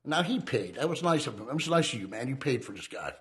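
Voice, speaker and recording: A man's voice: mid-range voice, big pitch swings, quick pace. A man from the United States, a former outlaw biker, telling his story in a casual, profane, streetwise way and acting out the dialogue.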